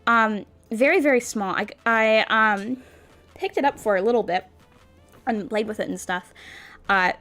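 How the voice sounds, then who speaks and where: A woman's voice: a little high, a little slow, pushed and bright. Bubbly, cutesy woman streamer. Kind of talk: casual stream chat. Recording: faint background music.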